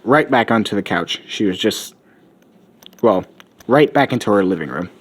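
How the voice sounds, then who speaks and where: A man's voice: fairly low pitch, lively intonation, normal speed. A man improvising a comedic story, rambling and swearing casually.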